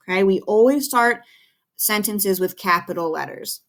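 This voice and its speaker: A grade-school teacher, a woman, walks young kids through a recorded phonics lesson. She speaks slowly and clearly, with patient encouragement. Her voice sits at an ordinary pitch for a woman. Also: animated.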